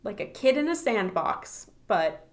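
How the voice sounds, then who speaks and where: A woman's voice: mid-range voice, big pitch swings, a little slow, creaky. A woman co-hosting a podcast, talking casually about a book and laughing often. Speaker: podcast co-host.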